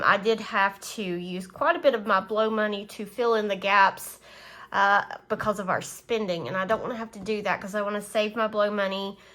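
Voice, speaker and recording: A woman's voice: medium pitch, fairly bright tone. A middle-aged woman chatting casually to camera as a budgeting vlogger, rambling with many fillers and counting money aloud. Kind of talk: casual chat to camera while counting cash.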